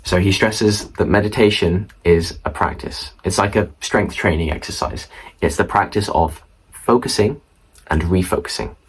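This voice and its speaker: A young man with a low, slightly breathy voice talks casually to the camera at a moderate pace, sharing study tips and chatty asides with viewers. He's a student study vlogger filming in a room at home, and the camera mic facing him gives poor audio.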